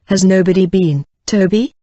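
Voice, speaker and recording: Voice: mid-range voice, moderate pace, warm tone, dry recording, dull audio, close to an everyday voice. An audiobook reader voicing a sly, submissive old male fence who coaxes and pleads. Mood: wheedling.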